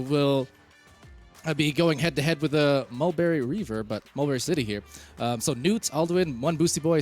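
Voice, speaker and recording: A laid-back man calls a live esports match as co-caster, joking along with his partner. His voice sits a little high, and faint music plays under him. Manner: relaxed, joking, some hesitations. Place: broadcast booth.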